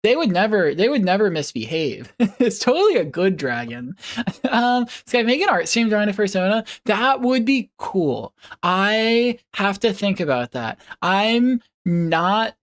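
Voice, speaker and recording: A woman's voice: medium pitch, big pitch swings, measured pace. A woman streamer chatting casually with her viewers, rambling and giggling, with playful puppy noises.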